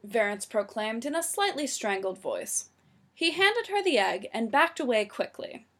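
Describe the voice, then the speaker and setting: Woman narrator, storybook reading, fairly high voice, very animated. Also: a little slow.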